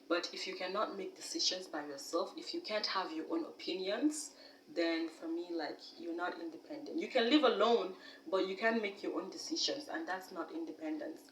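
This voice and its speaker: Young woman vlogger, fairly low voice, candid and animated, slightly distant mic in an echoey room. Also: a little hiss or hum. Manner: candid, animated, laughs at herself. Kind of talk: casual talk to camera.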